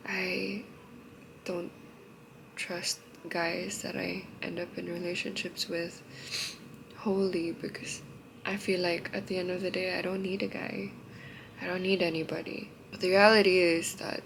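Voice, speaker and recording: A tearful young woman in a confessional vlog, speaking haltingly with emotion and trailing off into soft murmurs. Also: on the low side, level tone, creaky, background noise. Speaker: vlogger.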